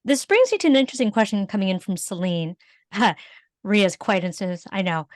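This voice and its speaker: Loud, lively woman hosting a podcast. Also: mid-range voice, moderate pace, no room sound, clean studio sound. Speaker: podcast host. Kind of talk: casual interview talk.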